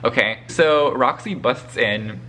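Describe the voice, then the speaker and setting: A man talks casually to his camera about a book, in a bright, forward voice. He swears freely and breaks into laughter often. A faint hum of surroundings sits under him. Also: mid-range voice, slow. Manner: profane, gushing and laughing often. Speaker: book vlogger. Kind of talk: casual spoiler vlog talk.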